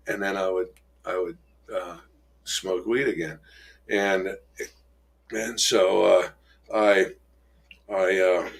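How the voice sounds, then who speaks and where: A middle-aged man with a somewhat low voice tells a personal story, pausing and restarting as emotion catches him. When he quotes other people his pitch jumps up, then it drops back to a quiet, heavy tone. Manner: halting and emotional, many restarts and trailing pauses. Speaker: guest telling his recovery story.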